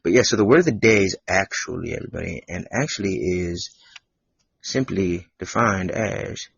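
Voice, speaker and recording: A man hosting a casual home podcast, talking in a husky, somewhat low voice. He rambles through his story with constant fillers and restarts. The recording is dull and lo-fi, very dry. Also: normal speed, a bit bright, no echo. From Wisconsin. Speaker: podcast host.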